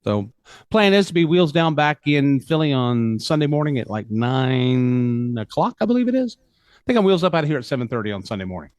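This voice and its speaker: Lively, animated male radio co-host. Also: medium pitch, no echo. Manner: animated storyteller, quick to protest. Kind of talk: casual morning show banter.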